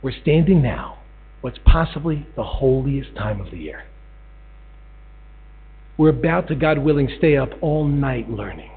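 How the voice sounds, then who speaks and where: Unhurried and pausing often, a man with a medium-pitched, breathy-edged voice gives a Torah talk in sermon form. He animatedly acts out the voices of a parable and climbs to a pleading tone, heard through a tinny lo-fi recording with mains hum.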